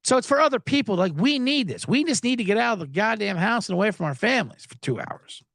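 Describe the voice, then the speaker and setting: A man speaks at a quick pace in a creaky voice, hosting a live sports podcast in Los Angeles with studio-quality audio and no room sound. His casual rants are sarcastic and animated, and he often acts out others in a raised, high voice.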